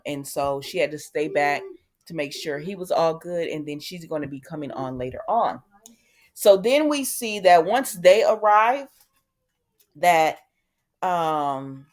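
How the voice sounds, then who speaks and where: A woman host recapping soap opera episodes in casual, chatty talk, acting out the characters' lines with lots of ums. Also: deep voice. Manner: chatty and animated, acts out quotes, many ums.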